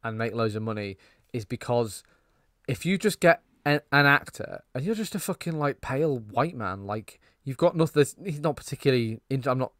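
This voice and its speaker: A man's voice: mid-range voice, animated, moderate pace, fairly bright tone, no echo, clean studio sound. Rambling man reviewing a film. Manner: rambling, swearing, laughing at his own jokes. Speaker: podcast co-host. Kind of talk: casual film-review chat.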